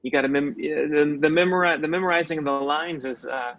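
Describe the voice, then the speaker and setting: Male actor, interview guest, a bit high-pitched, reflective storyteller, dead-dry lo-fi sound. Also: fairly quick, a bit bright, no echo. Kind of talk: casual interview. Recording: dull, dry audio.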